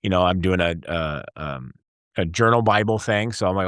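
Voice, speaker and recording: Energetic man in his forties, low voice. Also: moderate pace, smooth, no room sound, studio quality. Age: 40s. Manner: energetic storyteller, acts out dialogue. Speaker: guest entrepreneur. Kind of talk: casual interview conversation.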